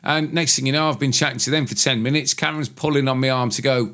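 Relaxed chuckling man chatting. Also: medium pitch, fast talker. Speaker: tattoo artist and podcast co-host. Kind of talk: casual chat.

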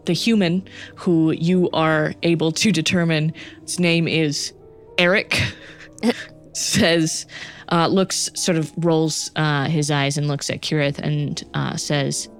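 A young woman narrating a tabletop game as game master, relaxed and hesitant. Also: low voice, takes it slowly, soft background music. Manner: relaxed, hesitant, many fillers.

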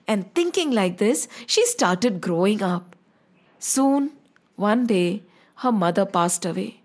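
Expressive woman telling a children's story. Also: medium pitch. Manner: expressive, slow and deliberate, sings sound effects.

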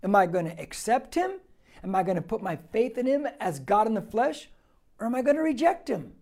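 Teaching scripture one verse at a time, this male pastor speaks high and fairly fast with great animation. He poses rhetorical questions and moves between hushed asides and loud, emphasized points.

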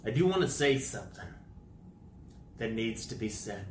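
A man's voice: mid-range voice, lively intonation, moderate pace, a bit bright, roomy sound, a little hiss or hum. A man telling a rambling comic story to camera, with goofy exaggeration and made-up words. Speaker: vlogger.

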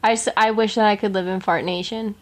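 A woman's voice: mid-range voice, fairly even intonation, quick pace. A young woman as a podcast guest in casual chat, playful and teasing. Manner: teasing, playful, laughs often.

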